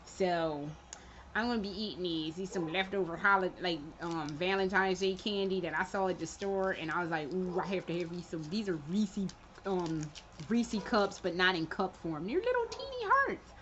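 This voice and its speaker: A woman's voice: fairly low pitch, lively intonation, moderate pace, a bit bright, muffled recording, a little hiss or hum. A woman vlogging about video games in casual chat, candid and sarcastic, swearing and laughing as she acts out her own reactions. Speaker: gaming vlogger.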